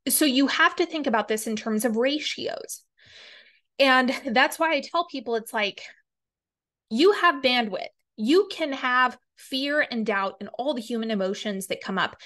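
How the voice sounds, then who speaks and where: A woman's voice: a little high, fairly bright tone. A woman hosting a podcast as a reverend, giving a blunt, emphatic motivational talk, swearing freely and repeating words for stress.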